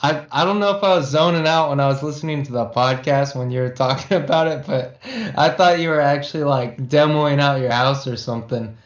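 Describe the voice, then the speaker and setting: A man's voice: medium pitch, fairly quick, roomy sound, lo-fi sound. A man co-hosting a podcast, casually asking questions and laughing. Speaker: podcast co-host.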